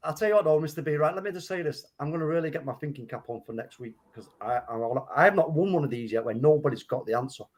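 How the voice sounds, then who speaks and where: A man's voice: on the high side, quick pace, hardly any pauses. A man co-hosting a casual chat, laughing often and joking in slang. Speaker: co-host.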